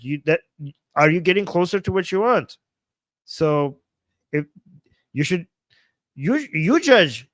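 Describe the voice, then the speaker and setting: Guy on a livestream chatting with viewers, non-native english, bit higher voice, dry close sound. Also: dry recording. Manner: earnest, self-restarting, non-native English phrasing. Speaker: livestream host. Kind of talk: casual livestream chat, reading viewer comments.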